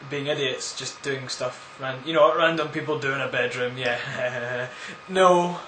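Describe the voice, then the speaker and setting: A man's voice: mid-range voice, a little slow, bright, forceful tone, a little hiss or hum. A man answering viewer questions in a casual, rambling vlog, full of crude, absurd jokes. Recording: echoey room.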